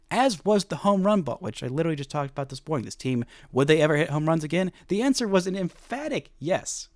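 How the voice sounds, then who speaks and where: A man's voice: mid-range voice, no echo, clean studio sound. A man hosting a sports podcast, talking casually and animatedly, mocking himself and laughing often. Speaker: podcast host.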